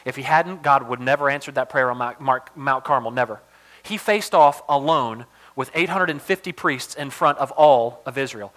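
A man preaching a sermon, animated, swinging between loud emphatic bursts and hushed asides. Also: mid-range voice, moderate pace. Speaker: pastor.

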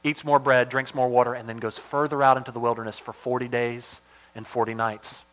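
A man preaching a sermon, animated, swinging between loud emphatic bursts and hushed asides. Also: mid-range voice, brisk. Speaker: pastor.

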